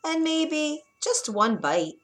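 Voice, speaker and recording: Here is a gentle, fretful old father with a voice raised higher and louder than the storyteller's usual tone, as a woman reads him in a storybook. He pleads anxiously and sounds easily flustered. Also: sing-song, takes it slowly, soft background music, exaggerated voice.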